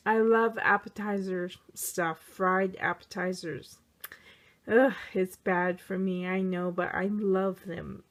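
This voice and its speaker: A woman's voice: mid-range voice, creaky. A woman chatting casually to camera in a vlog, answering tag questions candidly with plenty of fillers. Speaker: teacher of young children. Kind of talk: casual chat.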